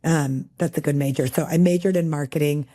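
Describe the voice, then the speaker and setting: Mellow-voiced woman chatting as interview guest. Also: sits low, fairly even intonation. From El Paso, Texas. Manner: chatty, many fillers, quick storytelling. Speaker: guest, magazine editor. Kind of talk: casual interview conversation.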